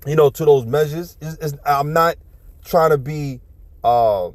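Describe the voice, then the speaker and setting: A man's voice: fairly high pitch, measured pace, no echo. A man giving casual ranting commentary on a video clip, blunt, profane and preachy, often restarting his sentences.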